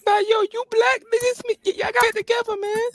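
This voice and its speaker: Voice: extremely high pitch, level tone, no room sound. A caller voicing a boastful, mocking immigrant man. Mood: taunting. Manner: taunting, teasing, drawn-out words.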